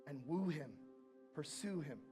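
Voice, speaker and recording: Guy preaching in church, pitch a bit up, goes loud then real soft, quiet music behind. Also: measured pace. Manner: earnest, swings from loud to soft intimate asides. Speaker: pastor. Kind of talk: sermon.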